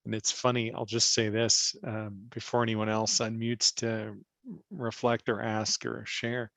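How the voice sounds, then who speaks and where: A man leading an online spiritual class over a video call, speaking gently and slowly while searching for his words. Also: lowish voice, little pitch movement, gravelly, no room sound. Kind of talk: reflective teaching talk.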